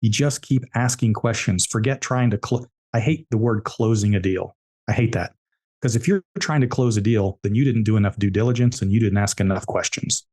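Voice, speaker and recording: A man's voice: on the low side, a little fast, a little mellow. A man, an entrepreneur guest on a podcast, telling business stories emphatically and repeating his key points. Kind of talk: storytelling interview answers.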